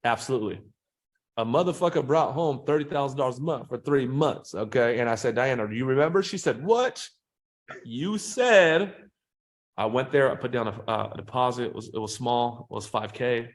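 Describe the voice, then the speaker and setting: Profane, animated man telling stories. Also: mid-range voice, a little fast. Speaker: podcast guest, sales trainer. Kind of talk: casual interview talk.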